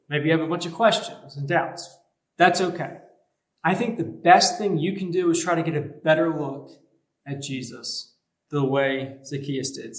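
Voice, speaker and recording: A man giving a youth sermon as a youth pastor, talking casually and conversationally with everyday comparisons. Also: a little high. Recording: echoey room.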